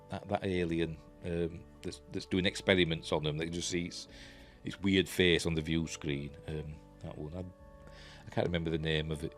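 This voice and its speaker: A man with a Yorkshire accent giving a rambling, enthusiastic casual review, full of ums and restarts. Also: low voice. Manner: rambling, filler-heavy, enthusiastic. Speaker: TV review vlogger.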